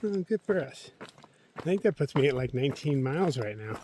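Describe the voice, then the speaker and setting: A man vlogging outdoors on a mountain trail during a solo thru-hike, chatting casually to himself and his viewers in a relaxed way. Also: mid-range voice, fairly quick, slight background noise. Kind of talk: casual vlog narration while hiking.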